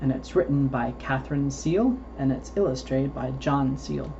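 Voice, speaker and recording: A man's voice: mid-range voice, normal speed, creaky, dark tone, highs cut off, slight background noise. A man hosting a children's storytime, reading picture books aloud and patiently explaining words for small children. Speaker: storytime host reading to preschoolers.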